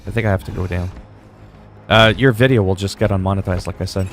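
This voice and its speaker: A man's voice: deep voice, fairly even intonation, fast talker, background noise. A man livestreaming and chatting casually while gaming, opinionated and rambling, swearing freely.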